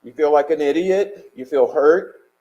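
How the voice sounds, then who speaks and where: Man, livestream host, casual chat, rambling, profane, mellow warm voice. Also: a little high, measured pace, lo-fi sound. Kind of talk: casual livestream chat, reading viewer comments.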